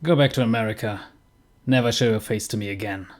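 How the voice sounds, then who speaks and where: A man's voice: fairly low pitch, quick pace, darkish tone, lightly acted. A man voicing an envious middle-aged scientist father who speaks in a cold, contemptuous, menacing way. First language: German.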